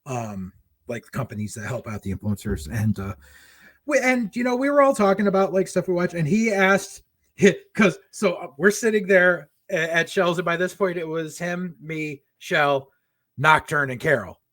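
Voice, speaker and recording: A middle-aged man with a slightly high voice tells loose, rambling stories, swearing freely and laughing at his own punchlines. The sound is dry and close, with no room around it. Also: lively intonation, moderate pace, a bit bright, no room sound. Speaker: podcast co-host. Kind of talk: casual storytelling chat.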